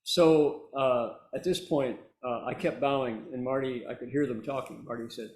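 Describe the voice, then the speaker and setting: A man, a Buddhist monk, telling a story to a meditation class in an animated way, chuckling and acting out the characters. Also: medium pitch, moderate pace. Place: meditation hall. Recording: echoey room.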